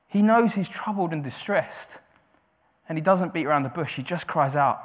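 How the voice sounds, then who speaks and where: A man's voice: high voice, moderate pace. Man preaching in a reverberant church hall. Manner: builds to loud cries when quoting, then drops quiet and conversational. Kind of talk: sermon.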